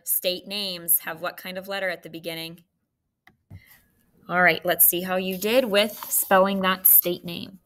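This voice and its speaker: A woman teaching a phonics spelling lesson, spelling out letters slowly and patiently and checking answers with the class. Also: lowish voice, bright, forceful tone.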